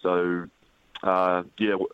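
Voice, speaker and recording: A man's voice: low-pitched, flat delivery, slow, clean tone, dry recording, phone-quality sound. A man with a New Zealand accent, a rugby head coach, talking in a laid-back, humble, rambling way on a radio interview.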